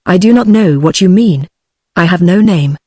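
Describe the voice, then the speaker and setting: A woman's voice: on the low side, expressive, normal speed, darkish tone, dry recording, clean studio sound. A synthetic British-accented woman's voice reading the lines of a proud, defiant teenage boy in a storybook. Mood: haughty. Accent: British English.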